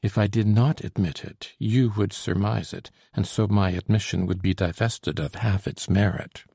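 A man reading aloud the lines of a young female aristocrat in hiding, formal and gentle. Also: fairly low pitch, fairly even intonation, normal speed, vocal fry, slightly rough, no room sound, clean studio sound. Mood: earnest.

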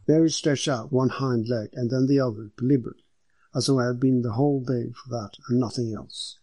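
Husky male audiobook narrator. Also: medium pitch, fairly even intonation, fairly quick, mellow, dry recording. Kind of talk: scripted mystery narration.

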